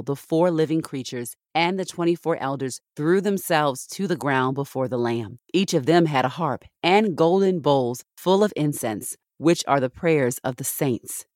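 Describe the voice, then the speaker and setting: A woman reading Bible passages aloud in a measured, steady way, pausing between verses. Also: deep voice, no echo, clean studio sound. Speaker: scripture reader.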